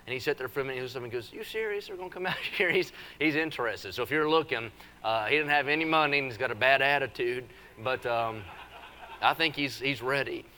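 A man preaching a revival sermon, teasing the congregation in a folksy way before building into forceful preaching. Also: medium pitch, quick pace, slight background noise. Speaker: visiting preacher. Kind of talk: revival sermon with joking asides. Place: church service.

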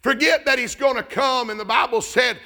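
A man preaching a fervent revival sermon, shouting in a rising cadence. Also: extremely high pitch, normal speed.

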